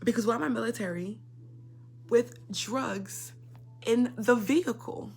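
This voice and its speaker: A young woman telling a personal story in a casual, indignant rant, swinging between loud outbursts and quiet asides. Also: fairly high pitch, a little slow, gravelly, background noise. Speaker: storyteller vlogger.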